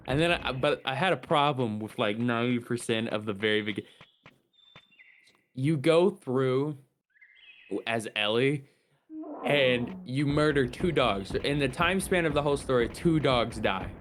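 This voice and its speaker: A male streamer in casual chat, animated, swearing often and putting on voices as he retells a game. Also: medium pitch, normal speed, slight background noise.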